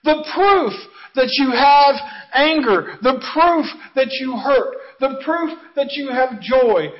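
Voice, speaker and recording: A pastor preaching an earnest, conversational sermon. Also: male voice, extremely high pitch, dull audio.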